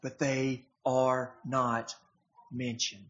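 A man's voice: medium pitch, flat delivery, very slow, a bit bright, muffled recording, slight background noise. A man preaching a sermon, emphatic and posing rhetorical questions to his congregation.

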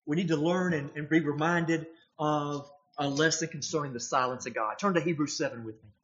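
A man's voice: fairly high pitch, a little fast, fairly bright tone, muffled recording. A man preaching a sermon, emphatic and posing rhetorical questions to his congregation.

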